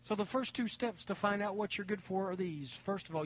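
A middle-aged man preaching a sermon as pastor in a church, swinging from loud exhortation to hushed whispers. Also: high-pitched, a little fast, few pauses, a little hiss or hum. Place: church sanctuary.

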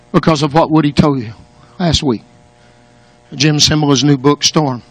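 A man's voice: on the high side, steady tone, normal speed, long pauses, no room sound. A male preacher delivering an impassioned sermon, building rhythm by repeating words and long lists. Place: church sanctuary. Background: soft guitar music.

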